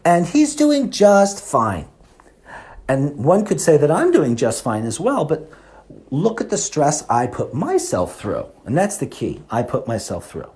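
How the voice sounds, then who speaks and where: A man in his fifties hosts a health talk as a monologue and speaks straight to his listeners. His voice is mellow and warm, and his pitch swings widely as he lectures and poses rhetorical questions. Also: huge pitch swings, moderate pace. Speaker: host.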